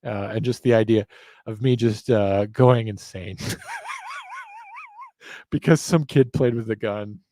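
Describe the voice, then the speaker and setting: A man's voice: on the low side, wildly swooping pitch, slow pace, pauses often, mellow, no room sound. A man hosting a live chat, rambling and self-mocking, laughing often. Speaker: show host.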